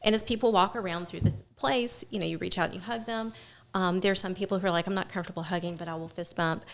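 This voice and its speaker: A woman with a slightly low voice speaking as a guest on a casual podcast. She tells earnest stories at an easy pace, pausing often with "um.". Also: fairly even intonation, creaky. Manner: earnest storyteller, many "um" pauses. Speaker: podcast guest, event organizer. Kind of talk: casual chat.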